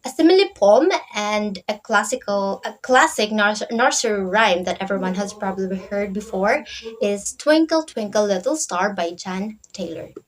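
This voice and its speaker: A woman's voice: medium pitch, expressive, moderate pace. Woman reading a class presentation. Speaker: student presenter.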